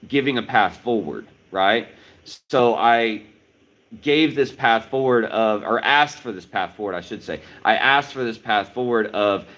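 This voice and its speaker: A middle-aged man with a fairly low voice talks to his viewers as a martial arts instructor. He explains his points in order and often repeats them, checking in with listeners as he goes. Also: a bit bright, rough recording. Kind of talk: livestreamed talk to viewers.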